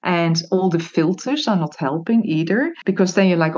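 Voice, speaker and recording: A woman's voice: medium pitch, moderate pace, few pauses. Chatty woman on lo-fi call. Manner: chatty and animated, laughs often, restarts words. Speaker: podcast guest. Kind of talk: interview conversation.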